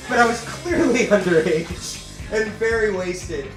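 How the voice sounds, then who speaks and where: A man in his twenties telling a comic story live on stage, animated and laughing as he goes. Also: sits high, a little slow, distant mic, music in the background. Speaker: comedian. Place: stage in a venue. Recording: roomy live stage recording from afar.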